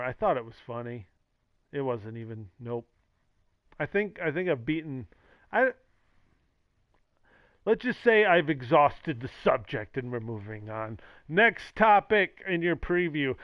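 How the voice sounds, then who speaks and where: A man's voice: on the high side, no echo. A man streaming, rambling casually with sarcastic jokes and acted-out quotes. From the Valley. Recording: dull lo-fi mic, dry.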